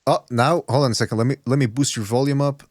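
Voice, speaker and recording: A male podcast host bantering loosely and profanely with his guests. His mid-pitched voice sits on a dry, close mic. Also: steady tone, fast talker, dry recording.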